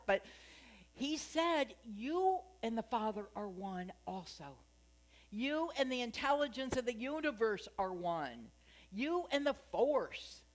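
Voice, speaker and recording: A woman minister preaches in a relaxed, conversational way, joking and putting questions to her congregation. Her voice sits a little above the usual pitch. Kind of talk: sermon. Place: spiritual center sanctuary.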